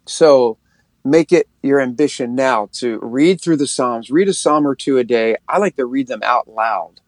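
A middle-aged man, a pastor and worship leader, giving casual, upbeat advice in conversation and slowing down when he reads scripture. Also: mid-range voice, dry recording.

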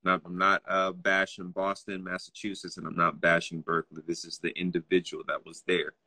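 A man's voice: sits low, monotone, a little fast, pushed and bright. A young man telling personal stories in casual conversation, acting out other people's lines in a raised voice.

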